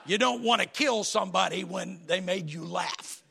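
Preaching from the pulpit, a pastor with a high, raspy, gravelly voice tells folksy stories in a sermon. His tone is bright and slightly strained yet animated throughout, at a moderate pace with slight background noise.

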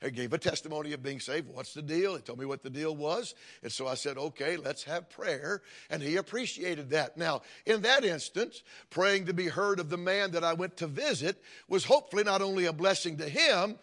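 A man's voice: fairly high pitch, moderate pace, few pauses, a bit bright. Older man preaching with rising emphasis. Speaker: pastor. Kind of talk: sermon.

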